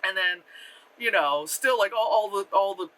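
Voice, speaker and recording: A young adult movie reviewer talking casually in a vlog, animated and profane, laughing often and full of fillers. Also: mid-range voice, normal speed. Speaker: effects artist. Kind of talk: casual spoken film review.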